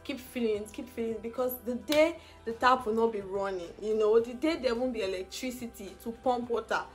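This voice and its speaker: Young woman vlogger with a high voice, emotional personal story, laughs through tears, light music underneath. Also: a little fast.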